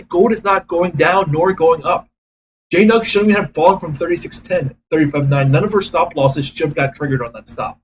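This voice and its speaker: A man's voice: a little high, normal speed, slight background noise, low-quality recording. A man day trading on a live stream, talking to his chat and cursing at the market in frustration. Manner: frustrated, swearing, talks to chat.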